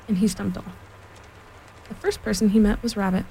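Woman reading a kids storybook, mellow soft voice, faint rain in the back. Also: medium pitch, fairly even intonation, moderate pace, slight background noise, low-quality recording. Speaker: reader. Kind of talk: storybook read-aloud.

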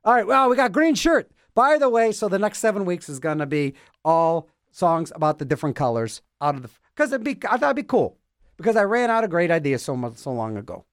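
A man with a high, bouncy voice hosts a radio show and rambles in comic asides. He is goofy and self-mocking, and he keeps repeating words in silly voices. The sound is dry and close to the mic. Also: big pitch swings, brisk, no room sound. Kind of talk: rambling comedic radio banter.

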